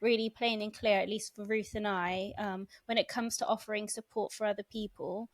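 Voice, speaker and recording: A woman's voice: medium pitch, fairly even intonation, fairly quick, dry recording. A woman co-hosting a podcast, speaking earnestly and plainly. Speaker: podcast co-host. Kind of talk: casual podcast chat.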